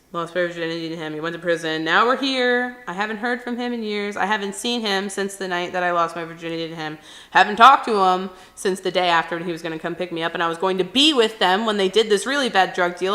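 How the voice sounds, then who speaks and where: A young woman vlogger with a bright, forceful voice recounts a painful personal story straight to camera. She tells it with emotion and energy, acting out what people said as she goes. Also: medium pitch. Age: young adult. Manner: emotional, animated retelling with acted quotes.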